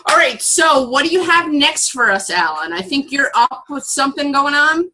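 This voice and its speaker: A woman's voice: high-pitched, lively intonation, moderate pace, pushed and bright, slight background noise. A woman co-hosting a podcast, reading trivia questions in chatty casual talk. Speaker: podcast co-host running trivia. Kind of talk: casual chat.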